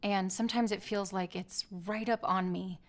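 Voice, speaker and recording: A woman's voice: medium pitch, fairly even intonation, moderate pace, close to an everyday voice. An actress in a comedic short film playing an emotional woman who complains about a problem. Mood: anxious.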